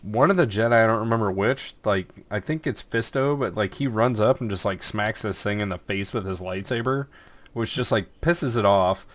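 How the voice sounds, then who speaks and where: A man's voice: fairly low pitch, moderate pace. A man co-hosting a podcast, recapping casually with many fillers. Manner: relaxed, filler-heavy recap. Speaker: podcast co-host. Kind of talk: casual chat.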